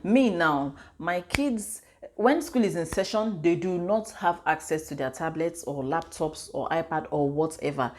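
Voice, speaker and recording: A woman's voice: low-pitched, measured pace. Chatty Nigerian mother vlogging. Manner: chatty, animated storytelling with pidgin and Igbo asides. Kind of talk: casual advice vlog.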